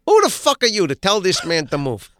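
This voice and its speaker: A man putting on a hot-tempered tough guy, profane and menacing, voice pitched high and pushed loud, bright edgy tone, dry close sound. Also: wildly swooping pitch, fairly quick, clean tone, no echo, exaggerated voice. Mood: belligerent.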